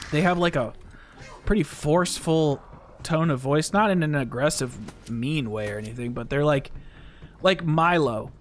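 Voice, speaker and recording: A man's voice: fairly high pitch, a little hiss or hum. A young American man chatting casually and rambling as a gaming podcast host. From United States. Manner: rambling, chatty, laughs often. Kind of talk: casual chat while playing a game.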